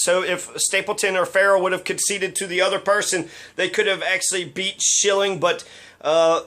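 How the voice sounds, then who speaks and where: A man's voice: sits high, sharp tone. A man giving casual political commentary on local election results, blunt, sarcastic and given to swearing.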